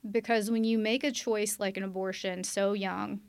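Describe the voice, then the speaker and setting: A woman's voice: medium pitch, fairly even intonation, moderate pace, smooth. A woman sharing a candid personal testimony on a podcast, earnest and quoting her past self aloud. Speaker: guest sharing her story.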